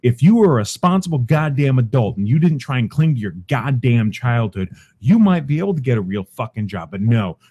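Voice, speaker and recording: Brief: young male podcast host, dark mellow tone, shouting a profane furious rant. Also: medium pitch, sing-song, fairly quick, hardly any pauses, breathy edge, muffled recording. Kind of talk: angry ranting commentary.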